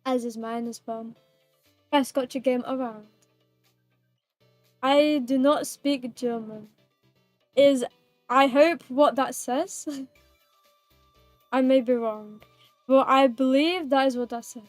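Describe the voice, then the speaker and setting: A woman's voice: sits high, steady tone, slow, pauses often, dry recording, soft background music. A woman streamer chatting casually with her viewers in a playful, giggly, rambling way, teasing them and herself.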